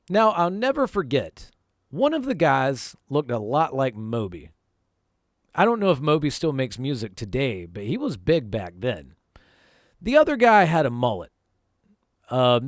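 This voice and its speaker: A man's voice: mid-range voice, dry recording, studio quality. A man from North Carolina, a vlog host telling a personal story in a casual, profane, conversational way.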